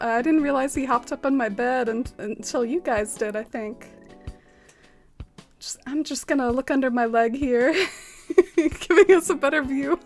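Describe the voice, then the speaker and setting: A young woman chats slowly and fondly on a livestream, her voice high and light. She giggles often and coos at her cat. Music plays clearly behind her. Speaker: streamer. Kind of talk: casual livestream chat.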